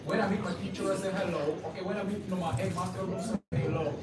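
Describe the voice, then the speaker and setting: A high-pitched man fires repeated questions, stumbling over fillers as he presses his point. He is picked up from a distance in a very echoey room under loud noise. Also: steady tone. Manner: halting, full of "okay, you know" fillers, pressing. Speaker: audience questioner. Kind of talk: questions at a live event.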